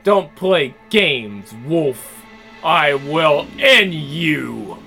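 A man's voice: on the high side, moderate pace, pushed and bright, soft background music. A man voicing a fierce, strong female goddess warrior who speaks in threats. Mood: hostile. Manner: threatening, snarling.

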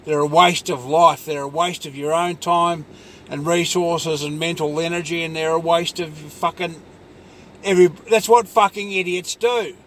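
A man's voice: on the high side, steady tone, moderate pace, fairly bright tone, slight background noise. A man in a rambling personal monologue, ranting angrily and swearing constantly, with lots of fillers. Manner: angry, profane ranting with many fillers.

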